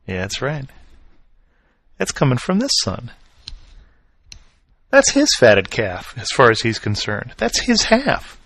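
A man preaching a sermon, retelling a Bible story with expressive swings from loud emphasis to quiet reflection. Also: mid-range voice, slow, long pauses, slightly rough, no room sound. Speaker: pastor.

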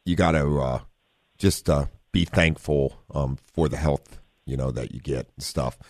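Older man, radio host, easygoing, laughs along, deep voice. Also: measured pace, dry recording, studio quality. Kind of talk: radio talk show chat.

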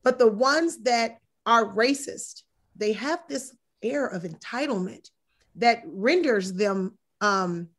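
A woman guest in casual conversation, her voice sitting a little high. She speaks emphatically, with animated, mocking asides. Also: slow. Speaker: yoga instructor. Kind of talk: casual chat.

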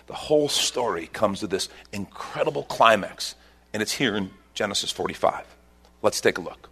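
A male pastor preaching a sermon, telling a scripture story with loud bursts and hushed asides. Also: on the low side, moderate pace, gravelly, husky. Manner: animated storytelling, swings between loud bursts and hushed lines.

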